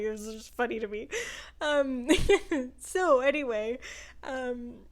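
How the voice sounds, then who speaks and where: Young woman vlogging a book review, kinda high voice, super chatty, lots of likes and ums. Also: takes it slowly. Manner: chatty, rambling, full of "like" and "um" fillers. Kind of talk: casual book review chat.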